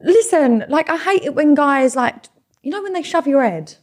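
A woman's voice: high-pitched, animated, normal speed, darkish tone. A woman guesting on a podcast, chatting in a giggly, frank and outspoken way. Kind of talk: casual chat.

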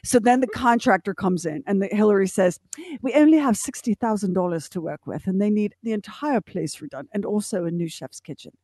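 A middle-aged woman co-hosting a radio talk show, telling animated stories and mimicking the people in them. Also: medium pitch, fairly quick, dry recording, studio quality. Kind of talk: casual morning show banter.

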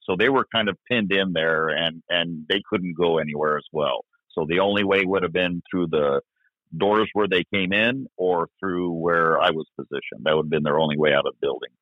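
A man, a former police officer, recounting events in an interview, halting with many fillers and restarts. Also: sits low, dry recording. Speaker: retired police officer guest. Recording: dry, tinny phone-like line.

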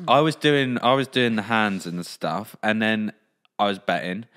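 A man's voice: lowish voice, measured pace, clean tone. A young man co-hosting a casual podcast, telling a story with lots of swearing and laughter. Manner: animated storyteller, swears, laughs through lines. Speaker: podcast co-host.

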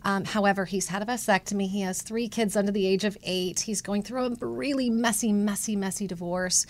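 A middle-aged woman, a matchmaker, telling a heartfelt story in an easy conversational way. She brings the voices of the people she quotes to life and lets emotion show in her telling. Her pitch sits in an ordinary middle range. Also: fairly even intonation, fairly quick, slight background noise. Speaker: matchmaker guest.

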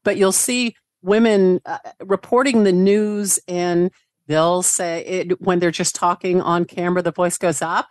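A woman with a Southern accent, a comedian guest chatting casually and telling animated stories. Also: on the low side, measured pace, no room sound, studio quality. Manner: animated storyteller, mimics voices. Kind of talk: casual interview chat.

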